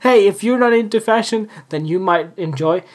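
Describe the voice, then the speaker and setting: A man's voice: sits high, moderate pace. A man hosting a casual solo podcast, rambling and joking about his week, laughing at himself often. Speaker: podcast host. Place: home room with window open.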